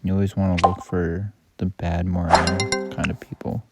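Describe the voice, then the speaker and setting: A gaming YouTuber with a low, level voice speaks at a normal speed over loud music, casually rambling through commentary on his own game. He's offhand and keeps correcting himself, and the recording has heavy background noise.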